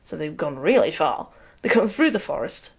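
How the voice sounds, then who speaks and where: A woman's voice: low voice, sing-song, normal speed, husky. A woman giving a casual, rambling rant review, sarcastic and often breaking into laughter. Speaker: video reviewer.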